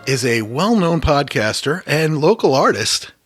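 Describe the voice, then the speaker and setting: A man's voice: on the high side, sing-song, measured pace, music in the background. A man co-hosting a casual podcast chat, joking and laughing often as he talks. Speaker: podcast co-host. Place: lives in Connecticut.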